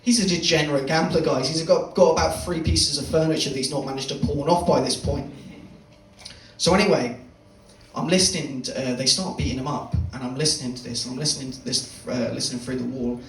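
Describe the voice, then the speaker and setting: A young man performing a stand-up set in a comedy club, telling a swearing, deadpan story and teasing the crowd. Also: mid-range voice, fairly quick. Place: comedy club stage, live audience. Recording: roomy club sound from a distance.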